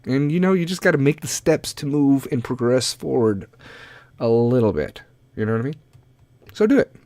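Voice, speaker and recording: Profane, animated male podcast host. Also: medium pitch, moderate pace, no echo. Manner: profane, rambling, motivational. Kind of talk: casual comedic monologue.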